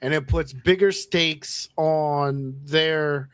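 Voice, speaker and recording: A man co-hosts a wrestling podcast, his voice a touch high, cutting in with blunt, profane reactions. The sound is dry and close, with no echo. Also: extremely slow, a bit bright, clear, resonant tone. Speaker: podcast co-host. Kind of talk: casual wrestling talk.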